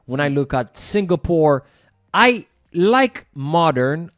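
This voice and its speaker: Animated man chatting on a reaction show. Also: on the high side, slow pace, no room sound, clean studio sound. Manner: animated, stammers and repeats words. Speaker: co-host reacting to videos. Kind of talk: casual chat.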